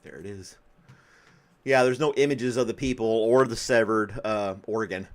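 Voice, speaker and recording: A man's voice: lowish voice, moderate pace. A man hosting a podcast in casual chat, often breaking into laughter. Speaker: podcast host.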